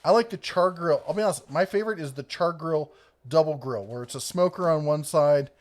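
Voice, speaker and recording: A congested man hosting a live tool show, casually reading viewer comments and giving relaxed advice. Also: a little high, fairly quick. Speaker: YouTube tool channel host. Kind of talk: casual live-stream chat.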